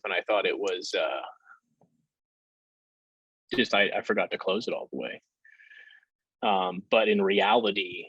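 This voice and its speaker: A man telling his story candidly in a casual interview, with halting fillers and the odd curse. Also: lowish voice, fairly bright tone, husky, no room sound. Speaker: podcast guest. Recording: dull lo-fi sound.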